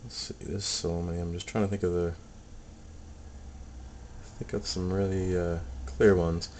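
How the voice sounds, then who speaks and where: Low deep-voiced guy mumbling thru his clips, lots of ums, bit of faint hiss behind. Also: little pitch movement, measured pace, darkish tone. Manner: hesitant, many ums and restarts. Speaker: paranormal hobbyist playing back recordings. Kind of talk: casual video commentary.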